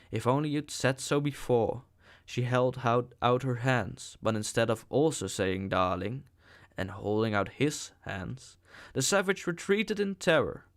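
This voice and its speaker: A man reading a novel aloud in a slow, deliberate way. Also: mid-range voice. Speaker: audiobook reader.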